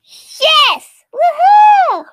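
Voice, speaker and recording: A woman voicing a shrill bratty little boy. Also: lively intonation, measured pace, heavily acted. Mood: whiny excited. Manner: shrill, squealing, demanding.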